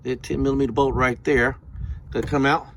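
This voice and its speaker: A man talks through a car repair in a loose, profane way, laying on the sarcasm as he goes. His pitch sits in an ordinary middle range. Faint background noise from the work area hangs behind him. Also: level tone, a little fast. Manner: profane, sarcastic, laid-back. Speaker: DIY car repair vlogger. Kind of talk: casual how-to narration. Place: garage or driveway, working on a car.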